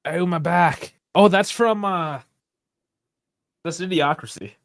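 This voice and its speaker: A man's voice: high voice, takes it slowly, gravelly, fairly bright tone, no echo, clean studio sound. A man hosting a sports podcast, bantering casually and swearing loosely. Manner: loose, profane banter with frequent laughs. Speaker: podcast host. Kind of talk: casual chat.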